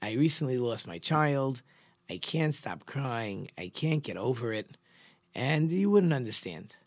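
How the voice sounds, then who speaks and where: A man's voice: mid-range voice, very animated, measured pace, dry recording. A man voicing an inconsolable grieving mother within a spoken story, in his own voice. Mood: despairing. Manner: despairing.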